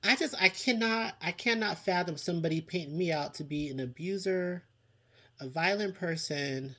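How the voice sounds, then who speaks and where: A TV show reviewer hosting a channel gives casual commentary on a reality show, speaking at normal speed in a mid-range, bright, forceful voice. Exasperated and dramatic, the host sighs often, exclaims, speaks to people directly, and repeats lines for emphasis.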